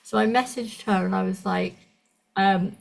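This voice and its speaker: Woman healer, gravelly, rambling storyteller, casual chat. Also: medium pitch, fairly even intonation, poor audio. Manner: chatty storytelling, restarts, quick asides. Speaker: energy medicine practitioner. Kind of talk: casual conversation with a client.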